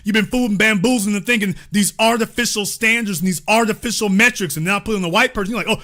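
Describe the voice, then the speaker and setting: A man's voice: high-pitched, quick pace, few pauses, sharp tone. A man hosting his own show, giving an emphatic, preachy commentary monologue laced with sarcasm. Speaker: host.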